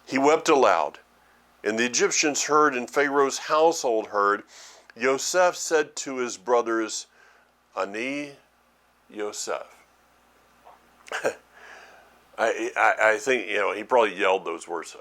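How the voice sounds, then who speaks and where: Middle-aged male preacher, mid-pitched, halting earnest delivery, thinks aloud, repeats words. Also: fairly bright tone. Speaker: ministry teacher. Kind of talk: sermon.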